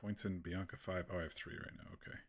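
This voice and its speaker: A man's voice: sits low, fairly even intonation, fast talker, background noise. A man streaming a video game, giving casual gameplay commentary in a chatty, rambling recap full of self-corrections.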